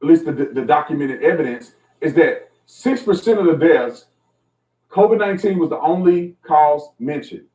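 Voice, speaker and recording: A man's voice: on the high side, animated, moderate pace, dark tone. Distant echoey male commentator. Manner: explanatory, insistent. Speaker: commentator in a played clip. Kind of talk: news commentary. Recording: echoey, distant clip played back.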